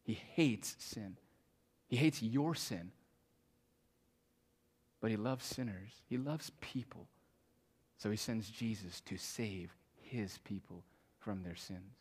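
A man preaching a sermon as pastor, swinging from loud emphatic declarations to hushed, quiet tones. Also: fairly low pitch, takes it slowly, long pauses, husky.

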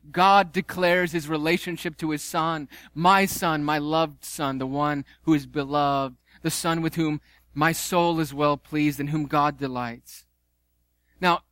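A man preaching a sermon, animated and conversational, with playful asides. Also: fairly high pitch, no room sound. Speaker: pastor.

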